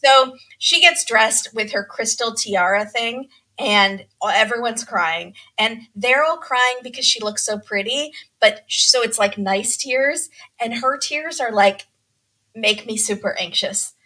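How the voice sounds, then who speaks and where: Bright-voiced woman podcast host. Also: on the high side, a little slow. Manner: animated storytelling, acts out quotes. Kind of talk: casual chat, recapping a reality show.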